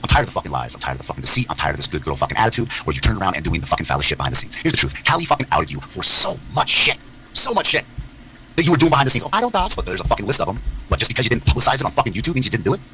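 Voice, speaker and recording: A man delivering an angry, profane callout on a livestream, swinging between shouted lines and low muttering. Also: very animated, low-quality recording. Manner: angry, profane rant with rapid pitch swings.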